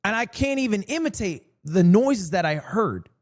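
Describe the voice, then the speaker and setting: On a live stream, a man with a high-sitting voice at a moderate pace chats casually with viewers. He's animated, telling jokey stories and swearing often.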